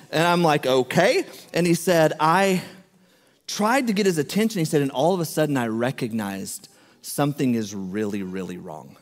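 Male preacher, fairly high voice, animated storyteller, big echoey hall. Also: normal speed. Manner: animated storyteller, acts out quoted speech. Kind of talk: sermon storytelling.

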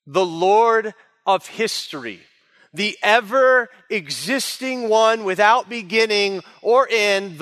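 A man's voice: sits high, fairly bright tone. A man preaching a sermon as pastor, in an earnest, emphatic way. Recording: long reverb of a large hall.

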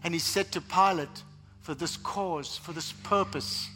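A man pastor preaching a sermon, animated, sometimes mimicking other voices. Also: fairly high pitch, a little slow, soft background music.

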